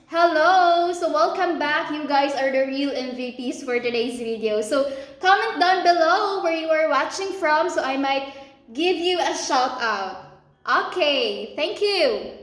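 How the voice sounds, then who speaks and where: A young woman hosting a live-selling stream, bubbly and chatty, giving shout-outs and restarting her sentences. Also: high voice, a little slow. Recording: roomy echo.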